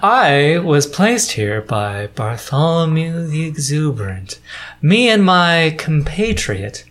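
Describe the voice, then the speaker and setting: A man voicing a slow, solemn stone gargoyle guardian. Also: fairly high pitch, sing-song, fairly bright tone, heavily acted.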